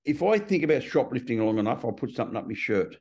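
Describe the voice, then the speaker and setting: A man in his sixties, talking bluntly and swearing freely as a podcast guest, telling stories with animated delivery. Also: medium pitch, fast. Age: 60s. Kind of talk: casual podcast conversation.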